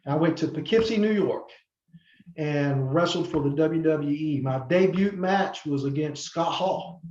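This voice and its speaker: At a measured pace, a former wrestler from North Carolina, USA, with a high-side, slightly mellow voice rambles through stories as a podcast guest. He uses many fillers and restarts and acts out what others said. Recorded in a roomy room, the sound is a little muffled.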